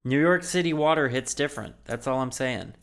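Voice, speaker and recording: A man with a smooth, clear voice chats casually on a movie podcast. He turns sarcastic and profane, working up into rants about what annoyed him. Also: mid-range voice, brisk, fairly bright tone. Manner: sarcastic, swears freely, ranting. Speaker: podcast co-host.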